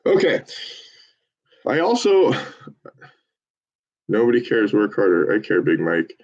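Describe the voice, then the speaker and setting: A man volunteering as a phone banker, chatting casually and swearing between calls, then switching to an upbeat salesman's pitch on the phone. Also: big pitch swings, slow, darkish tone, dull audio. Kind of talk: casual livestream chat with live phone calls.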